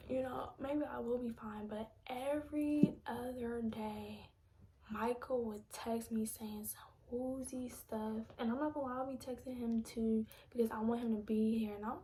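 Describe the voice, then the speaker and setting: Soft-spoken young woman near tears. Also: fairly high pitch, slight background noise. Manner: soft-spoken, drops often into a breathy near-whisper. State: emotional, holding back tears. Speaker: vlogger telling a personal story. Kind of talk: candid personal storytelling on a live stream.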